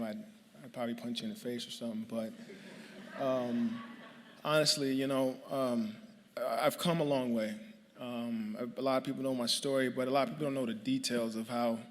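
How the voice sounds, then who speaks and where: A man in his late thirties from New York, giving a chatty, joking hall of fame acceptance speech full of fillers and restarts. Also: mid-range voice. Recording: long hall reverb.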